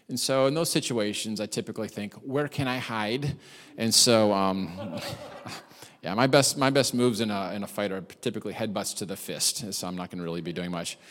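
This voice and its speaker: A man preaching a sermon as a pastor, telling stories in a chatty, animated way with self-deprecating humor. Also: fairly low pitch. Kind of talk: sermon with storytelling. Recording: hall reverb.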